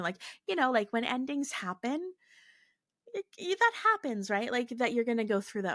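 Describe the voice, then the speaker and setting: A woman in her forties talking casually on her own podcast, with a gravelly, creaky texture in her voice. She tells a personal story in a loose, chatty way, packed with "like" fillers. The sound is dry and close, with no room echo. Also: on the high side, lively intonation, normal speed, a bit bright. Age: 40s. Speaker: podcast host.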